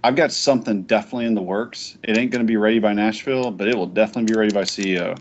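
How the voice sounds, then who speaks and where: A man hosting a casual gaming podcast, talking in a rambling, profane and excitable way. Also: lowish voice, rapid-fire, dull audio, slight background noise. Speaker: podcast host.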